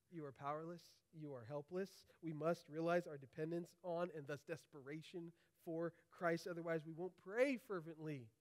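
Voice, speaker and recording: A male pastor preaching an emphatic sermon, often checking in with his listeners through quick tag questions. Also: on the high side.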